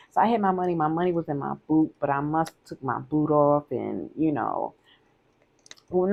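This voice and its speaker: A woman's voice: low-pitched, creaky, a little mellow, a little hiss or hum. A woman telling a personal story in a candid, conversational vlog, often repeating herself for emphasis.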